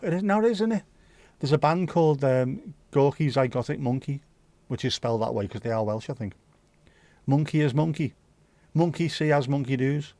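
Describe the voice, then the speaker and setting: A livestream host chats casually and answers viewer comments bluntly, sharing strong opinions and swearing freely. His medium-pitched voice is mellow, and there is no echo.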